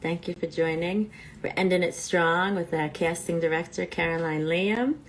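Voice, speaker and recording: A woman's voice: on the low side, steady tone, normal speed, a little hiss or hum, low-quality recording. A woman hosting a live online talk show, chatting casually and thinking aloud while she waits for her guest, with allergies. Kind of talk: casual live-stream chat.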